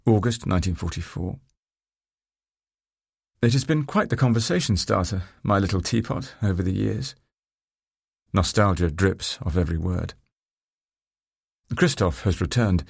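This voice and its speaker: A man narrating a first-person novel in a measured, dry and wry manner. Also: deep voice, a little mellow, slightly rough, no room sound. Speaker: audiobook narrator.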